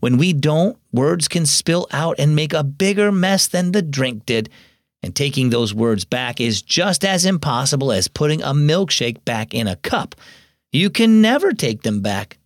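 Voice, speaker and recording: A man reading the part of a patient mother who gently teaches her daughter in a radio story. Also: on the high side, very animated, normal speed, dry recording, studio quality. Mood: gentle. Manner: gentle, instructive.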